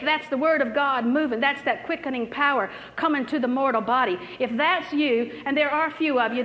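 A woman's voice: sits high, fairly bright tone, a little hiss or hum. A middle-aged woman preaching a healing sermon, telling a story in a repetitive, anecdotal way before moving into prayer. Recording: hall reverb with faint music.

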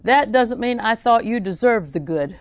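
A woman's voice: on the high side, lively intonation, normal speed, no room sound. A woman preaching a sermon, telling folksy stories with frequent laughs and repeating scripture lines for emphasis.

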